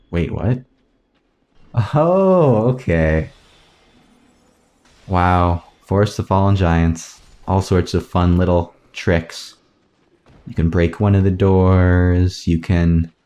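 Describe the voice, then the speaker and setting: A man casually commentating his own gameplay, rambling aloud through tangents with soft self-mocking asides. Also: low voice. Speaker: let's play gamer.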